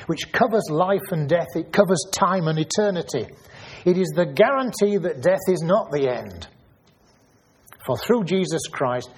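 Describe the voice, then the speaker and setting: A man's voice: medium pitch, darkish tone, slight background noise. A man preaching a Bible study sermon, thinking aloud and asking questions, often repeating his words.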